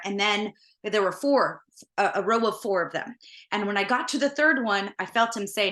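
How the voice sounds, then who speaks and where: Bright-voiced woman telling a personal story. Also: medium pitch, fairly quick. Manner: earnest, conversational, retelling events vividly. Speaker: podcast host.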